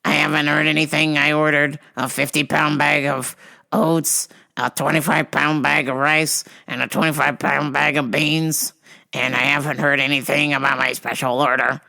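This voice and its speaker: A woman putting on the voice of a short, very muscular woman who sounds gruff and demanding and keeps repeating herself. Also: low voice, level tone, normal speed, bright, forceful tone, no echo, heavily acted. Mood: pestering. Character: short jacked woman, deep gruff voice, pushy.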